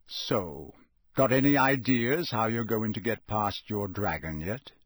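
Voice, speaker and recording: A man voicing a gruff, blunt old male wizard in an audiobook reading, growling his lines in a husky voice. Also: on the low side, lively intonation, unhurried, dry recording, studio quality.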